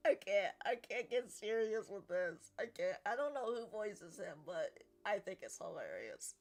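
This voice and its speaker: A woman's voice: mid-range voice, big pitch swings, measured pace, darkish tone. A woman streamer chatting casually and giggling with her chat while playing a game. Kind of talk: casual gameplay commentary.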